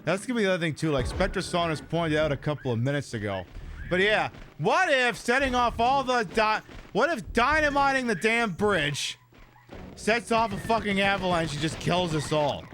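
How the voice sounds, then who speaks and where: A man's voice: sits high, lively intonation, normal speed, bright, forceful tone. A man giving casual gameplay commentary as a streamer, profane, ranting and sardonic. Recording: noisy ambience behind.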